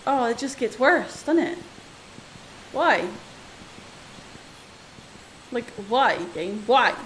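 A woman's voice: a little high, expressive, very slow, fairly bright tone, rough recording. A woman streaming a video game, chatting casually, talking to the game and its creatures and laughing often. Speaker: gaming streamer. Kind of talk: casual let's-play commentary. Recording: audible background noise.

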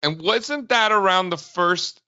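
A man with a high, bright, smooth voice hosts a podcast interview and asks curious follow-up questions. The sound is slightly muffled. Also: measured pace. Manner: curious, laughs along with the guest. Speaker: podcast host.

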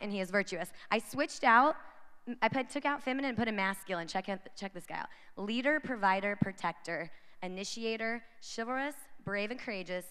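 A woman's voice: mid-range voice, pushed and bright, clear, resonant tone. A woman giving an inspirational talk to young women at a conference, chatty and constantly checking in with the crowd. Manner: chatty, addresses the crowd directly with frequent "right?". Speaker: conference speaker. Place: large conference hall. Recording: long hall reverb from a large venue.

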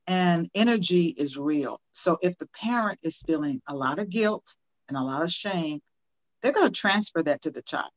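A woman's voice: fairly low pitch, expressive, normal speed, dull audio. An older woman and motivational speaker, talking as an interview guest and telling personal stories in an earnest, preacher-like way.

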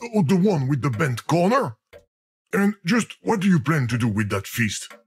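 A man's voice: a little high, very animated, normal speed, a little hiss or hum. A man voicing a talking video game that frets over and scolds the player in a theatrical way. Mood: flustered.

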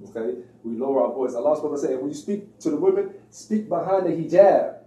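Preachy, slangy man lecturing, mellow tone, a bit high, recorded off-mic. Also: fairly even intonation, quick pace. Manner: preachy, slangy, acts out quoted voices. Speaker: religious speaker. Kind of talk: informal religious lecture. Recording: echoey room, distant mic.

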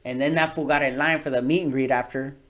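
This fast-talking comedian from California has a Chicano English accent and a medium, steady, fairly bright voice. Guesting on a podcast, he spins casual, profane stories full of street slang and performs the voices of the people in them.

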